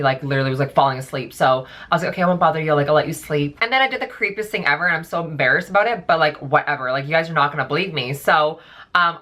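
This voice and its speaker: A woman's voice: low voice, bright, forceful tone. A young woman telling a storytime vlog in a chatty, casual way, full of "like" and "um". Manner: chatty, filler-heavy, lots of "like". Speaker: vlogger.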